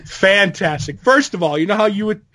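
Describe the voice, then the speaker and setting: A man co-hosting a casual chat, excitable and jokey, often mimicking others. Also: sits high, normal speed. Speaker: podcast co-host.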